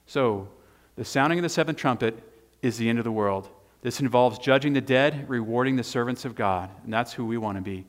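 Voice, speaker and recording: Emphatic male preacher in a reverberant hall. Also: mid-range voice. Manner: animated, emphatic, points to slides and handout. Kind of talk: sermon with Bible reading.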